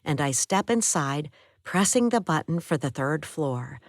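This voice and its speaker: A woman with a low voice reading an audiobook aloud. She narrates steadily in the first person. The sound is close and dry. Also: animated, measured pace, no echo.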